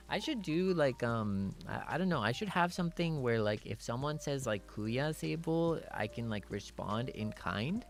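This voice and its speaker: Giggly, lively-voiced male streamer. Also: mid-range voice, normal speed, vocal fry, few pauses, soft background music. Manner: playful and giggly, mixing English and Japanese, cat-like "nyan" sign-offs. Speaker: streamer host. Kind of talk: casual chat reading viewer messages.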